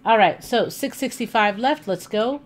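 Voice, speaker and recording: A woman's voice: fairly high pitch, normal speed. Chatty woman streaming a video game. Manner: chatty, animated, thinking aloud while playing. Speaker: livestreamer. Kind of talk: casual gaming livestream chat. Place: home living room.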